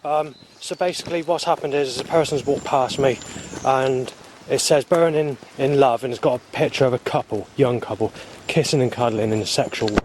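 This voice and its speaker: A man's voice: mid-range voice, fast talker, background noise. A man, recording a rambling spoken video diary outdoors on a muddy path with a handheld camera, talking in an agitated, swearing way. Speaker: video diarist.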